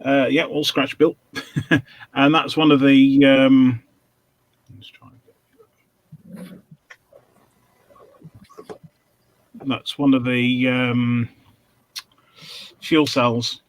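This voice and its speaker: A man talks over a video call in a halting way, dropping ums and dry jokes. His voice sits at a middling pitch. The sound is close and dry, with no room around it. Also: flat delivery, dry recording, low-quality recording. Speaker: regular panelist. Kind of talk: casual chat on a video call.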